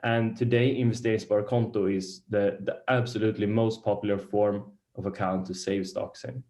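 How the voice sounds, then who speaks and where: A man whose first language is Swedish gives a beginner lecture on investing, pausing often and searching for words. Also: lowish voice, steady tone, warm tone. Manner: halting, searches for words, many restarts. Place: lecture room.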